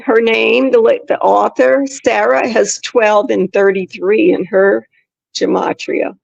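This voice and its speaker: Gravelly woman co-host on dull audio. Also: medium pitch, fairly even intonation, a little slow, no room sound. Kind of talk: casual livestream chat.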